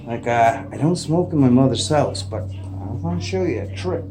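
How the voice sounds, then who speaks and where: A man's voice: mid-range voice, animated, moderate pace. A middle-aged man with a Canadian accent, talking casually and unscripted into a propped-up phone at home, rambling with lots of "eh" and "like". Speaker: vlogger. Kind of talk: casual unscripted chat to camera. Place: indoors at home. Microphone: phone propped up facing him.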